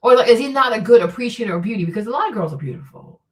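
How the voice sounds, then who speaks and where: A woman hosting a livestream, giving blunt, profane, animated commentary on relationships. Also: on the high side, racing, distant mic, rough recording. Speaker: livestream host.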